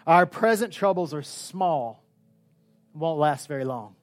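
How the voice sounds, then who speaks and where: A man preaching a sermon with passion, swinging between loud outbursts and hushed, quiet stretches. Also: a little high, animated, slow, faint music behind. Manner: impassioned, swinging from shouts to hushed tones.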